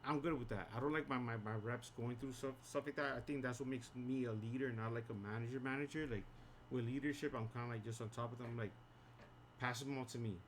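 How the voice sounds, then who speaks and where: A man's voice: mid-range voice, steady tone, fast, slight background noise. A man streaming a game, telling rambling work stories in a casual, filler-heavy way. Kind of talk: casual chat while gaming. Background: game music.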